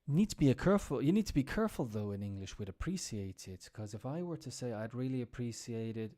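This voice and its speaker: Man, english teacher, mellow dark tone, relaxed explaining, live stream mic. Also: medium pitch, fast. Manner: relaxed explaining with examples, some restarts. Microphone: computer mic on a live stream.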